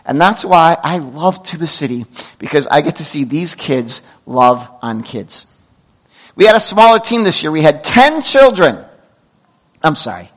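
Middle-aged man, pastor, sermon; bright high voice, lively anecdotal delivery with asides. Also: measured pace, low-quality recording. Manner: animated storytelling with self-corrections and asides.

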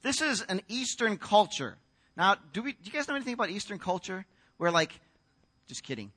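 A man's voice: sits high, very animated, a little fast, bright, forceful tone, breathy edge. An American man preaching a sermon in a conversational storytelling way, acting out the voices in the story. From United States. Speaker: pastor.

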